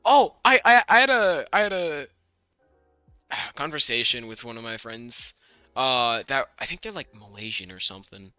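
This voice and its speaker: A young American man co-hosting a podcast in casual chat, rambling with many restarts and quick bursts of speech. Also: mid-range voice, expressive, bright, forceful tone, clear, resonant tone, no room sound, faint music behind. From United States. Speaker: podcast co-host.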